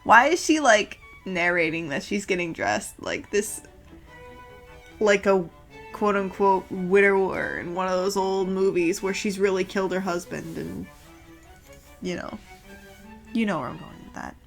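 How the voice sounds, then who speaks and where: A woman's voice: mid-range voice, lively intonation, a little slow, creaky, faint music behind. A young woman reading a fan story aloud with dramatic delivery and sarcastic, exasperated asides. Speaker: host reading a fanfic aloud.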